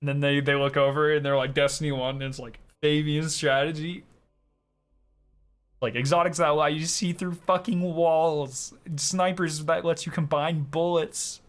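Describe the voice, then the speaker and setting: A man chatting casually on a gaming stream, excitable and ranting with plenty of swearing. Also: fairly high pitch, moderate pace, hardly any pauses.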